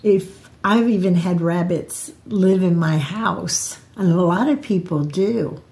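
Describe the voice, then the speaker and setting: An older woman talks slowly and reflectively in a home vlog, wandering between memories and advice. Her low voice is gravelly and mellow, and she often restarts her sentences. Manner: rambling, reflective, with repeated restarts. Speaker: vlogger. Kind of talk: personal storytelling vlog.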